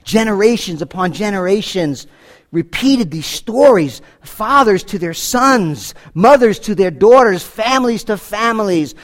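High-voiced preacher swinging loud to hushed. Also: male voice, expressive, unhurried. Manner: dramatic swings between loud exclamations and hushed low tones; repeats words, conversational asides. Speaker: pastor. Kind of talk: sermon.

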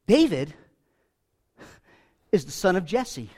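A man preaching a sermon, animated and conversational, acting out quick voices for the people in his Bible stories. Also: high voice, husky. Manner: animated, acts out voices of biblical figures. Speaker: pastor.

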